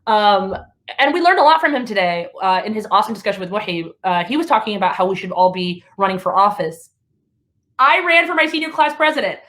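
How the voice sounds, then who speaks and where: A woman in her thirties from Alabama doing stand-up, telling stories in an animated, chatty way with laughs between lines. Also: mid-range voice, quick pace. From Alabama, USA. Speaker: comedian. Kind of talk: stand-up comedy.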